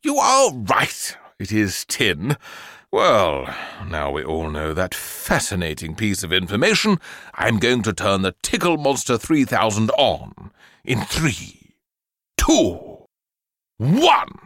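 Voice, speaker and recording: A man's voice: fairly low pitch, big pitch swings, unhurried, fairly bright tone, dry recording, exaggerated voice. A man voicing a fussy, dry-witted professor in a storybook reading. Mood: wry.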